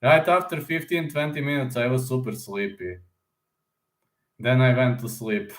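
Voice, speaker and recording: A man's voice: medium pitch, normal speed. Rambling man chatting in echoey room. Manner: rambling, informal, addresses listeners as "man". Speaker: YouTube channel host. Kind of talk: casual chat with viewers.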